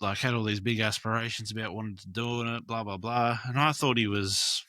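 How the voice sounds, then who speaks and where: A man's voice: fairly low pitch, steady tone, brisk, sharp tone, no echo. A man, a mural artist chatting casually and rambling with fillers and swearing. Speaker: graffiti and mural artist, guest. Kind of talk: casual chat.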